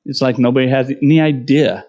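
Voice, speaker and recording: A man's voice: medium pitch, a little fast, a little mellow, muffled recording. A middle-aged man preaching a conversational sermon, poking fun at himself and often asking "right?". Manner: conversational, self-deprecating, tags lines with "right?". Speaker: pastor.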